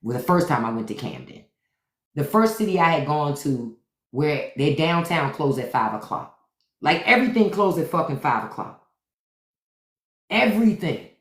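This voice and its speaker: A middle-aged woman from Washington, DC, hosting a casual livestream and telling profane, animated stories. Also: sits low, moderate pace, pauses often. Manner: animated, profane storytelling with acted-out quotes. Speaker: podcast host on a live stream. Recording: roomy echo.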